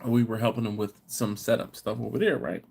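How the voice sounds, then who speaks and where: A man's voice: lowish voice, fairly even intonation, fairly quick, vocal fry, darkish tone, husky. American man rambling through a live-stream story. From United States. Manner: rambling storyteller, reads out viewer comments. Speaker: host of a live barbecue channel. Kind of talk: casual live-stream chat.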